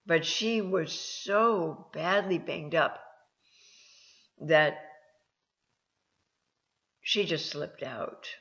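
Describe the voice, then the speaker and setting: A woman recounts stories in a slow, measured, halting way, often pausing and restarting her sentences. Her voice carries a gravelly fry, and the recording sounds somewhat dull and lo-fi. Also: low voice, fairly bright tone. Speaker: host and counselor. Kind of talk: personal storytelling talk.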